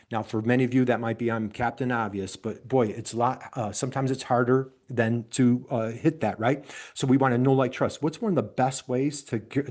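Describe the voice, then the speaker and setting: An enthusiastic middle-aged man with an upstate New York accent, presenting a business webinar in a voice that sits at an ordinary pitch for a man. He speaks in a motivational way and keeps asking his listeners questions. He is heard through a computer mic on a video call. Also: a little mellow.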